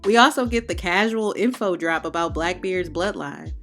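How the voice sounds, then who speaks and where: A woman's voice: on the low side, moderate pace, a bit bright, soft background music. A woman hosting a manga review, recapping the chapter in casual, slangy, opinionated talk with playful heckling asides.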